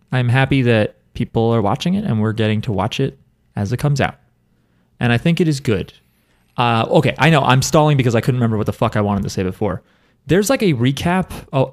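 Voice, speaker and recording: A man hosting a podcast in easygoing conversation. He rambles, loses his thread and swears offhandedly, in a relaxed and unpolished chat-show manner. His voice sits at an ordinary middle pitch. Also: fairly quick. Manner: rambling, loose and swears casually. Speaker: podcast host. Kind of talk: casual chat.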